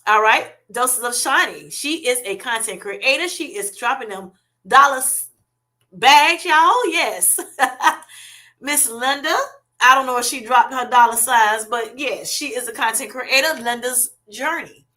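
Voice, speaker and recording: A woman hosts a relaxed livestream and reads out her viewers' comments. Her voice is bright and a little high. She talks in a chatty way, full of fillers and small restarts. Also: normal speed. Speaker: livestream host reading chat. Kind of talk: casual livestream chat.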